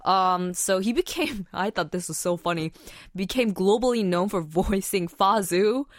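A woman's voice: mid-range voice, lively intonation, normal speed, no echo. Chatty American woman, dry close mic. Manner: chatty, laughs often, uses many fillers. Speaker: podcast co-host. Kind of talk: casual chat.

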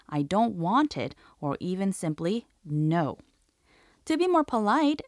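A woman hosts a language lesson in a clear, deliberate, scripted manner, saying each example phrase slowly, then repeating it. Her voice sits at a middle pitch. The recording is dry and close, with no room sound. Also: dry recording. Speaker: host.

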